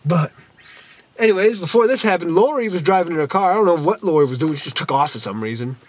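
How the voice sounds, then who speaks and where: A man's voice: a little high, expressive, fast. A man casually reviewing a TV episode for his fans. He refers to himself by a nickname in the third person, in a goofy, folksy way.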